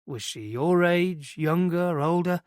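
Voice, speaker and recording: A man voicing a police inspector who questions a witness in a calm, measured way. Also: a little high, no room sound, studio quality.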